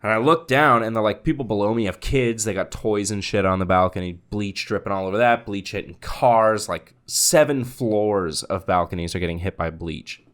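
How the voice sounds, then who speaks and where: A man's voice: lowish voice, normal speed, few pauses, fairly bright tone. A man co-hosting a podcast, telling stories in casual chat, cursing often and laughing. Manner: profane, laughing storyteller. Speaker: podcast co-host.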